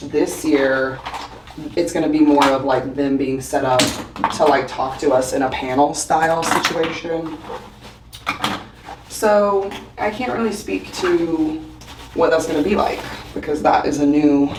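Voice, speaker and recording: A woman vlogging casually while getting ready in a hotel bathroom, her voice hoarse from shouting, chatty and rambling with frequent laughs. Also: sits low, a little slow, background noise. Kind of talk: casual chat to camera.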